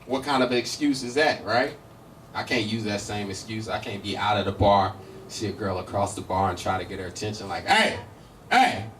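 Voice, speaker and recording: A man's voice: fairly low pitch, fairly even intonation, fairly quick, fairly bright tone. A man doing stand-up, telling story jokes and acting out the quoted lines. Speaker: stand-up comic. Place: comedy club. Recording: distant club mic with faint noise.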